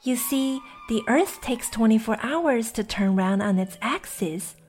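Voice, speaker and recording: A woman's voice: on the high side, expressive, a little slow, darkish tone, slightly rough, soft background music. A woman voicing a polite, curious young girl who speaks timidly and eagerly. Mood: earnest.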